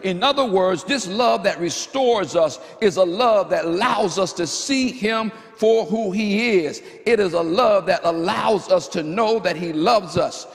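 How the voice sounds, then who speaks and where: A male pastor with a high voice preaches with fervor, stacking up repeated phrases. His sermon rings through a church with a long, hanging reverb. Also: a little slow, hardly any pauses. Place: church service.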